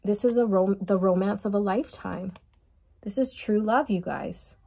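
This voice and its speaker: A woman giving a casual tarot reading, speaking straight to her viewers in a gushing, excitable way. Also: mid-range voice, moderate pace, gravelly, slightly rough. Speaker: tarot reader.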